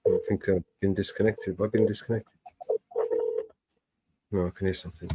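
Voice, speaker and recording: A husky man pressing his case on a phone call. He keeps restarting his sentences, halting yet insistent. The sound is dry and close. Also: low voice, level tone, dark tone, no echo. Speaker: records requester.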